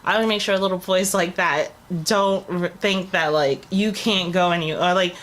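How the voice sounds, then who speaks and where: A woman's voice: lowish voice, steady tone, moderate pace, a bit bright. Chatty young woman telling a story. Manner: chatty, rambling, many fillers. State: recovering from a cold, coughing. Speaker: travel vlogger, channel co-host. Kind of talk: casual storytelling to camera. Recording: faint background noise.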